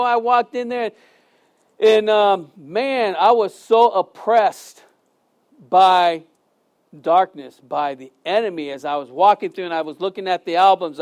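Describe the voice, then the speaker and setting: Middle-aged pastor guy preaching in church, high voice, chatty, jokes around with the crowd. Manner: lively, conversational preaching with asides and jokes. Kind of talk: sermon. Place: church hall before a congregation.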